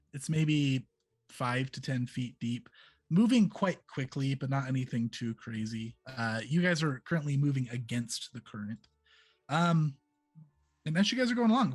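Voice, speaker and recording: A man running a tabletop game as game master, chatty and relaxed, with many fillers. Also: mid-range voice, no room sound.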